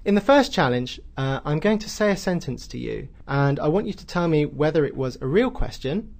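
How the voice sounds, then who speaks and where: A man's voice: on the high side, expressive, moderate pace, vocal fry, darkish tone. A man hosting a radio grammar lesson in an upbeat, encouraging way.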